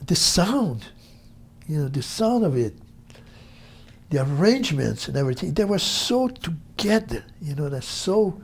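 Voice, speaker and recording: An older man from Brazil with a Brazilian accent, telling stories in an interview in an animated, halting way. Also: fairly high pitch, creaky, slightly rough. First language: Portuguese. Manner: animated, halting, acts out voices in quotes. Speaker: interview guest, musician. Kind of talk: storytelling interview.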